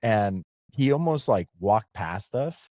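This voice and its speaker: A man's voice: on the low side, expressive, takes it slowly, darkish tone, no room sound. A man hosting a podcast, chatting casually and rambling through a long story with lots of restarts. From Pennsylvania. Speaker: podcast host.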